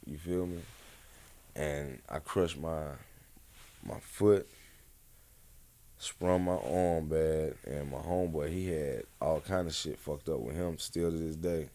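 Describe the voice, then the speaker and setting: A man's voice: rumbling low, slow, long pauses, warm tone. A man, a rapper guest on a casual podcast interview, telling stories in a laid-back, slangy, rambling way. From Atlanta, USA.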